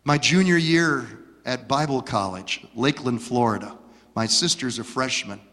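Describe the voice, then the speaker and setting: A man from Michigan telling stories from his childhood as a preacher, dramatic and swinging from hushed to loud. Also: mid-range voice, moderate pace. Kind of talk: storytelling sermon. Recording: long hall reverb.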